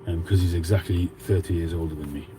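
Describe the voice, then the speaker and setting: Man in his fifties, Cockney accent, very low voice, casual chatty livestream host, noisy background. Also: steady tone, quick pace. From England. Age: 50s. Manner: chatty, reads out viewer comments. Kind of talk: casual livestream chat with viewers.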